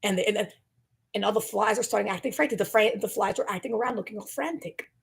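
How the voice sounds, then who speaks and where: A woman rambling through a conspiratorial stream commentary, her talk swinging between hushed asides and loud outbursts. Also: mid-range voice, quick pace, low-quality recording. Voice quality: gravelly, raspy.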